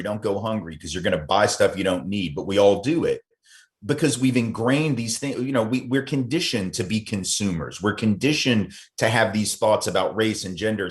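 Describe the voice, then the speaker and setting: Interview guest: American man, low-pitched voice, animated storyteller who acts out quotes, many ums and self-corrections. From United States. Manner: thinks aloud with frequent ums and restarts. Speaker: podcast guest, anti-racism author and speaker. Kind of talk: conversational interview.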